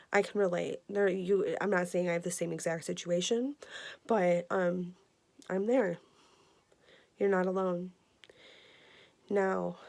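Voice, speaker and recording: A woman in her twenties giving an earnest, emotional personal health update, halting with many fillers. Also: lowish voice, creaky, darkish tone. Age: 20s. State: emotional, near tears. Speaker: vlogger.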